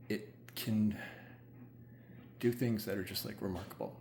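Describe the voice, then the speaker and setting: A man who works as a hypnotherapist, chatting casually and excitedly, rambling with many "like"s. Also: lowish voice, unhurried, pauses often. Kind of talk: casual chat. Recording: roomy with faint ambient noise.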